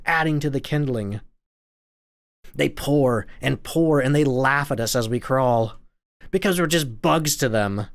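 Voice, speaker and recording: A man voicing a desperate townsman who agonizes over whether to kill, reading game dialogue with strained anguish. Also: lightly acted. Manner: anguished, strained and rising in pitch.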